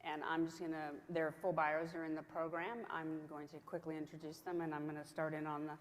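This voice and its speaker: A woman's voice: low voice, flat delivery, fairly quick. A woman in her sixties with a faint Southern accent, moderating a conference panel in a chatty way with many fillers and restarts. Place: large conference hall. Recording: hall reverb, faint background noise.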